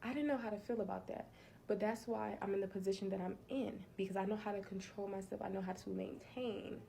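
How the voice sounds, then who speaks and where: A woman's voice: mid-range voice, steady tone, fairly quick, creaky, dark tone, slight background noise. A woman speaking her mind in an earnest, conversational monologue, preachy at times, like a social media creator talking to her followers. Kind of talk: candid monologue to camera.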